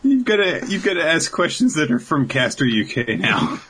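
A man's voice: fairly high pitch, huge pitch swings, normal speed, a bit bright, breathy edge. A man co-hosting a casual podcast chat, teasing his partner with wry remarks and laughing easily. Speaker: podcast co-host.

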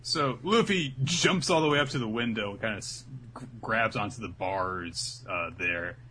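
A man's voice: lowish voice, normal speed, slight background noise. A man co-hosting a podcast, recapping a comic chapter in casual chat and acting out the characters. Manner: animated, acts out characters. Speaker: podcast co-host.

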